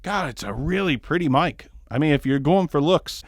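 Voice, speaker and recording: A man's voice: a little high, expressive, normal speed, no room sound, clean studio sound. A man casually reviewing a microphone at his desk, rambling and joking about himself, keeping a Southern US accent toned down. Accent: tones down a Southern US accent. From American South. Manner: rambling, joking, self-deprecating. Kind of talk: casual mic test review. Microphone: ribbon microphone, close and moved around.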